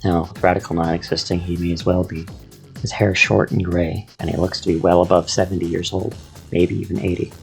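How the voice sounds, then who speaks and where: A man reading a first-person story aloud with steady, measured narration. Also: low-pitched, faint music behind. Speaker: audiobook narrator.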